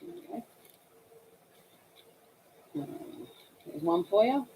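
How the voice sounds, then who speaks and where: A woman's voice: medium pitch, animated, drawn-out words, mellow, slight background noise, low-quality recording. A woman with an Australian accent, hosting a casual livestream and chatting to viewers about slang while she colors. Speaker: livestream host.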